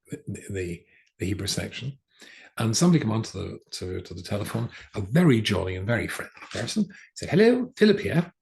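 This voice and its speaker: A man's voice: on the low side, creaky. An older man, a rabbi, tells a story in a chatty lecture, often stopping with fillers and restarts. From England. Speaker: rabbi teaching a class.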